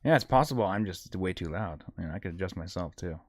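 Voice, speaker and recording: A man's voice: low voice, lively intonation, no room sound, clean studio sound. A man co-hosting a live podcast in casual chat, upbeat and chatty while sick with a cold. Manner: upbeat, chatty, quick laughs. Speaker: podcast co-host.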